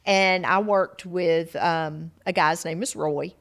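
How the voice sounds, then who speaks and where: A woman's voice: fairly low pitch, steady tone, slow, a bit bright. A middle-aged woman with a Georgia Southern accent, co-hosting a casual chat in an emphatic, affirming way. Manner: emphatic, affirming, often interjects "right". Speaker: podcast co-host.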